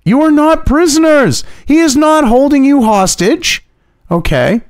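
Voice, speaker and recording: A man's voice: extremely high pitch, lively intonation, unhurried, dry recording, clean studio sound. A man ranting as an online commentator, heated and mocking, swearing constantly. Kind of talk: profane opinion rant.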